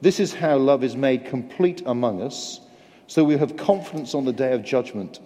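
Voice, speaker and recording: A man's voice: mid-range voice, moderate pace, mellow. An English man preaching a sermon, earnest and conversational, with self-deprecating humor. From England. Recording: long hall reverb.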